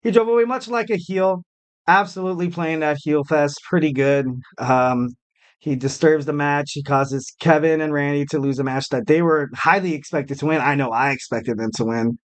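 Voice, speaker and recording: A man's voice: fairly high pitch, moderate pace. Rambling man hosting a wrestling podcast. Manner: rambling, self-deprecating, frequent fillers. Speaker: podcast host. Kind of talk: casual solo podcast commentary.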